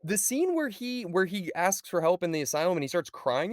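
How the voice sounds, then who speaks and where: Male podcast co-host, animated and swooping delivery, casual movie chat, dry close sound. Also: moderate pace, no echo. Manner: animated, acts out movie lines in high yelps.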